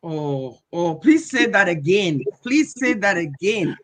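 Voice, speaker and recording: Woman talk show host, encouraging, lively rising and falling pitch. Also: slow pace. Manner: encouraging, frequent affirmations. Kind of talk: interview conversation.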